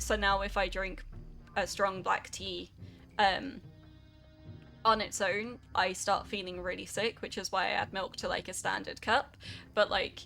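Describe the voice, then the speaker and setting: Young female streamer, rambling and chatty; bright voice with a gravelly texture. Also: medium pitch. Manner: rambling, chatty, filler-heavy. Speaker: game streamer. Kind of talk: casual chat reading stream chat.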